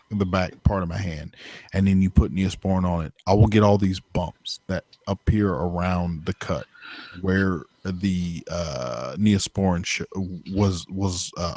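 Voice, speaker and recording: Deep-voiced man telling a profane story. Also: a little mellow, dry recording. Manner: rambling, profane, filler-heavy. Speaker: podcast co-host. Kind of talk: casual storytelling chat.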